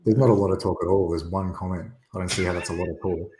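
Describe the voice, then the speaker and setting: A man's voice: deep voice, fairly even intonation, quick pace, dark tone, echoey room, poor audio. A man talking bluntly and emphatically as a guest on a casual livestream, rambling through his points. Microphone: USB desktop microphone.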